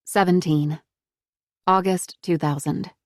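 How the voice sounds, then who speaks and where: A woman narrating a thriller audiobook in a measured, even storytelling manner. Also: lowish voice, dry recording, clean studio sound.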